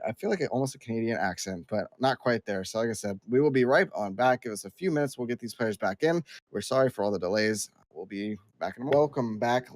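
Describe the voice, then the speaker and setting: A man casting a live esports match, talking quickly through play-by-play and analysis in a chatty, easygoing way. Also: fairly low pitch, a little hiss or hum. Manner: talkative, quick asides, apologetic host patter. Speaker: esports caster.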